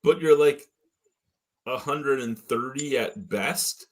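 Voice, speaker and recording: A man co-hosting a beer review live stream, telling loud, profane stories in casual chat. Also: medium pitch, slow. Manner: loud, profane, animated storytelling. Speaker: beer review podcast co-host. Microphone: headphones and mic at home.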